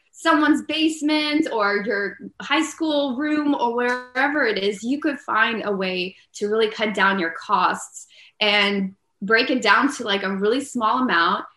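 A woman entrepreneur and inventor is the guest in an interview recorded in an echoey room. Her voice is on the high side and unhurried. She talks earnestly and casually, peppering her speech with "like," and grows loud and emphatic.

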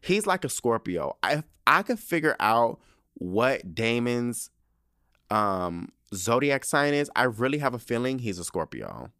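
A man hosting a casual solo podcast, recapping a TV episode in an animated, profane, slang-filled way with dramatic asides. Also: mid-range voice, measured pace, clear, resonant tone, no echo, clean studio sound.

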